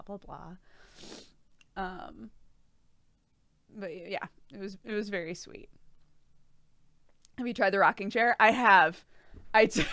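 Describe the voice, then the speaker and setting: A young woman chats on a live stream while pregnant, her voice bright and crisp with lots of swing in pitch. She laughs often and swears casually, and the close mic sounds dry. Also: no room sound.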